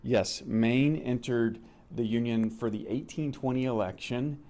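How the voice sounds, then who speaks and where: Male quiz host, mellow tone, unhurried, repeats questions. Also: medium pitch. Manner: reads questions slowly and repeats them. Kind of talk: casual quiz show chat.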